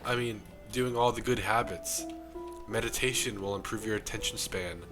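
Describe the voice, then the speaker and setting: A young man with a rough, strained voice from the flu, giving an impassioned self-improvement monologue to camera. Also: on the low side, steady tone, moderate pace, over music. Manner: preachy, impassioned. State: sick, losing his voice.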